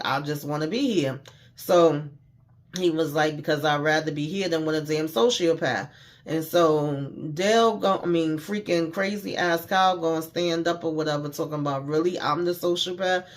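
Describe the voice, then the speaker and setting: A man giving a casual, slangy recap of a TV episode, retelling scenes by quoting the characters with mild cursing. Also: on the high side. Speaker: TV show recapper.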